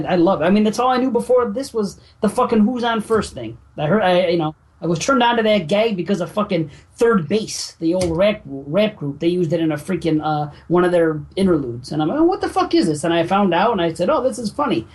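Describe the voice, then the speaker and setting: A man's voice: high-pitched, brisk. Enthusiastic man in casual chat. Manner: enthusiastic, casual, swears often. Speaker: podcast co-host.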